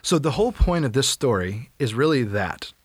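A man's voice: medium pitch, sing-song, normal speed, slightly rough, no room sound. A man co-hosting a podcast, explaining a Bible story in a loose, joking way. He laughs often and leans on repeated words, and his voice sits close to the mic with a very dry sound. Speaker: podcast co-host. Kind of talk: casual Bible discussion.

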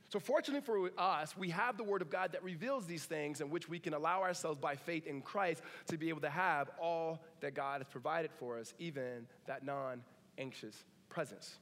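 A man preaching a sermon in a relaxed, conversational way, with joking asides and animated retellings of stories. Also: a little high, moderate pace, long reverb tail. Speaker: pastor.

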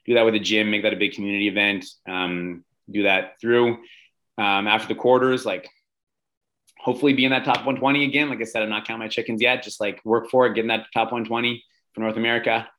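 Chatty low-voiced male coach. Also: fairly even intonation, fast, sharp tone, rough recording. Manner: enthusiastic, many fillers like "um" and "like". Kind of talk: casual interview talk.

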